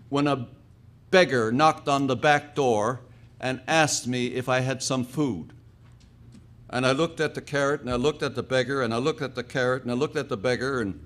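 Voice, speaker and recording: A man's voice: mid-range voice, a bit bright, natural voice. A man voicing a devout churchwoman, telling her good deed earnestly within a spoken joke.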